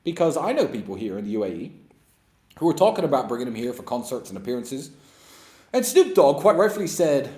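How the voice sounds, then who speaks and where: A man's voice: medium pitch, big pitch swings, fast, a little mellow. A man in his thirties giving a blunt, scornful opinion monologue as a commentator. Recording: roomy echo.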